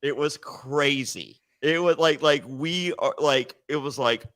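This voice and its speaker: A man guest on a podcast, telling stories in a rambling, animated way with many restarts. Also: on the high side, measured pace, dry recording. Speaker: reality TV contestant guest. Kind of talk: casual podcast storytelling.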